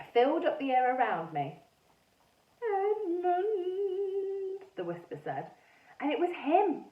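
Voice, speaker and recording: A woman teacher reading a storybook aloud in a lively, animated way. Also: a little high. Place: classroom or school room. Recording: echoey room, mic far off, dull sound.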